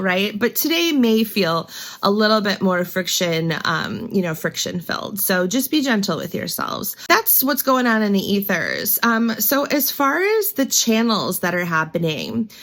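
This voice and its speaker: A woman's voice: medium pitch, sing-song, measured pace, fairly bright tone. A woman host giving a casual, rambling spiritual reading. She fills her talk with "um" and "you know" and often asks "right?". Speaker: spiritual reader, channel host.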